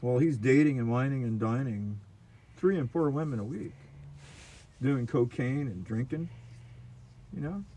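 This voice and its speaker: Rambling, animated man in an echoey room. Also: mid-range voice, measured pace, pauses often. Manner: rambling, animated, swings between loud and soft. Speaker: guitar player giving advice. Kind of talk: casual storytelling chat. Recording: very echoey room, distant mic, faint noise.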